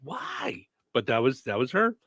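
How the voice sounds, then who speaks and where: A man's voice: a little high, animated, normal speed, fairly bright tone, dry recording. A middle-aged man co-hosting a show, chatting casually and telling family stories. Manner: chatty storyteller, many hm-hmms. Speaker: co-host. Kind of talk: casual chat.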